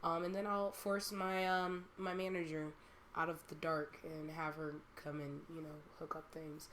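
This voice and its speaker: A woman's voice: sits low, little pitch movement, moderate pace, fairly bright tone, slight background noise. A young woman hosting a casual podcast chat, rambling and laughing often. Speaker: streamer and podcast host.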